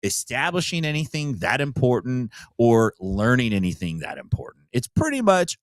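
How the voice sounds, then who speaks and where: A man co-hosting a podcast, blunt and mocking and quick to laugh. His pitch swings widely as he gets going. The sound is dry and close. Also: very animated, no echo. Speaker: podcast co-host. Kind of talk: casual podcast chat.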